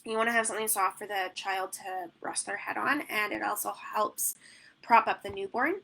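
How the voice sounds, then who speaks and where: A woman's voice: mid-range voice, steady tone, normal speed, creaky, a bit bright, poor audio. A woman newborn photographer answering questions in a live online Q&A, rambling and chatty with plenty of "like" and "um". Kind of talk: live Q&A teaching.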